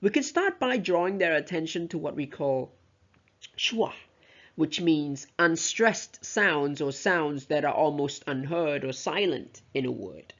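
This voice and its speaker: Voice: mid-range voice, animated, unhurried, lo-fi sound. A teacher giving a recorded lesson, explaining carefully and modelling example words aloud. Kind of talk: recorded lecture explaining pronunciation.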